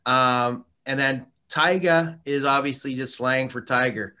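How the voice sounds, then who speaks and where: A man's voice: medium pitch, steady tone, measured pace, pushed and bright, clean tone. A man being interviewed as a guest, talking casually and rambling, with lots of restarts and easy laughter. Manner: rambling, many fillers and restarts, laughs often. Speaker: interview guest, hot sauce maker.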